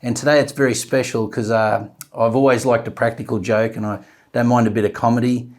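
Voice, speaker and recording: A man's voice: mid-range voice, fairly even intonation, fairly quick, darkish tone. An Australian man hosts a casual interview show with a matey, effusive manner. He throws in a friendly "mate" as he asks his questions. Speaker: podcast host.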